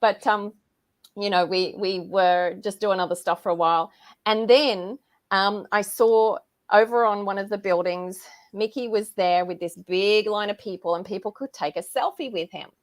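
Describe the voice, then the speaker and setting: A woman's voice: mid-range voice, normal speed, dry recording. A woman in her fifties, a podcast guest in casual chat over a video call, telling a personal story with feeling and frequent laughter. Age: 50s. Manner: emotional, storytelling, laughs often.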